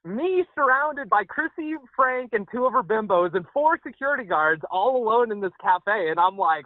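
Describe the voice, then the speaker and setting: A high-voiced man calls in over a tinny phone line and tells his story. His voice swings up and down a lot as he goes. The sound is dry and close. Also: normal speed, hardly any pauses, dry recording. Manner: animated, high-pitched, jumps up when quoting himself. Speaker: phone-in caller.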